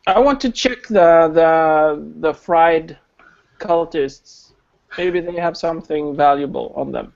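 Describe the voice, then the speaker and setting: A man's voice: on the high side, slow pace, gravelly, darkish tone. A man playing a tabletop game, speaking plainly and a little hesitantly, in a dull lo-fi recording. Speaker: player. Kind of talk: casual tabletop game chat. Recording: dull lo-fi recording with faint noise.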